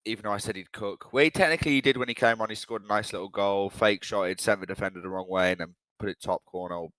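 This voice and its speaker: A man's voice: on the low side, fast talker, fairly bright tone, dry recording. A young man from England, co-hosting a casual football podcast in a blunt, rambling, sweary way. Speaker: podcast co-host.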